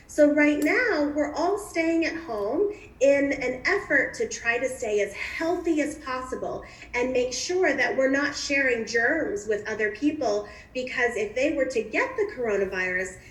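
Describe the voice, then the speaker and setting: A woman in her thirties, a guest social worker, explaining things gently and plainly to young children over a video call. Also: high voice. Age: 30s. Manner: gentle and plain, defining words for kids. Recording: echoey, distant video call.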